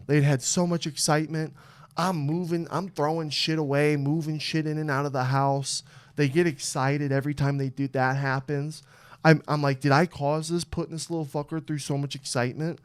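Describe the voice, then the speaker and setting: A young man hosting a podcast, telling a story in a lively, animated way, swearing often and acting out what people said. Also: a little high, clear, resonant tone. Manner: animated, swearing, acts out quotes. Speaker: podcast host. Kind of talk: casual storytelling chat.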